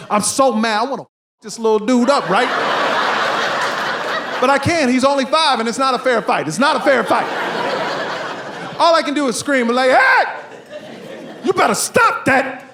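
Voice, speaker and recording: High, punchy male stand-up comic. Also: normal speed, pauses often, a crowd in the background. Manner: animated, punchy delivery with shouted punchlines. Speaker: stand-up comedian. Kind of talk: stand-up comedy set. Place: comedy club stage. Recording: echoey room with background noise.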